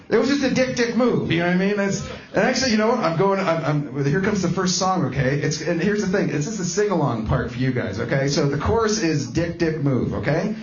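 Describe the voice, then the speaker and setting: A man's voice: fairly high pitch, expressive, a little fast, hardly any pauses, echoey room, muffled recording, crowd noise. A man doing live stand-up comedy with a guitar, telling a story in rambling bursts full of restarts. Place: small comedy club.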